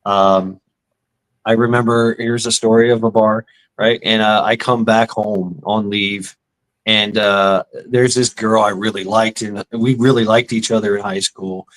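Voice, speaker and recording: A man's voice: lowish voice, fairly even intonation, measured pace, fairly bright tone, rough recording. A middle-aged man telling casual stories in a rambling, profane way, acting out the lines of the people in them. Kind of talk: casual storytelling.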